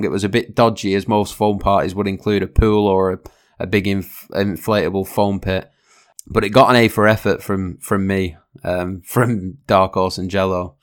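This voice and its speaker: A young man telling a personal story, blunt and sweary, chuckling now and then as he goes. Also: lowish voice. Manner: blunt, swears freely, chuckles mid-sentence. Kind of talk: storytelling monologue.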